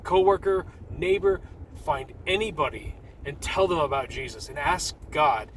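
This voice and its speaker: A man with a slightly raised pitch speaks earnestly about his faith, urging listeners with rambling restarts and a casual vlogging tone. He is talking from inside a car, with a faint hum of the vehicle underneath. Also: a little slow, a bit bright, low-quality recording. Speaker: Christian vlogger. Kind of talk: casual faith talk to camera.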